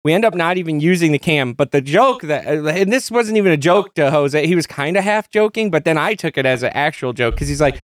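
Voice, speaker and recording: A man with a slightly high voice tells a crude story on a podcast, lively and laughing, his pitch jumping up at the punchlines. The sound is dry and close. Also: brisk, few pauses, dry recording. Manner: animated storyteller, laughs and jumps high when telling a funny story. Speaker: podcast co-host. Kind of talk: casual chat.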